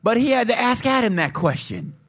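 Animated high-voiced male preacher. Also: fairly quick, breathy edge. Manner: animated, acts out voices and asks the congregation questions. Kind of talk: sermon.

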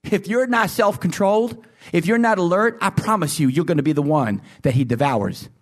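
A man preaching a sermon, emphatic and full of questions to his congregation, swinging between loud high emphasis and low intense asides. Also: moderate pace. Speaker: pastor.

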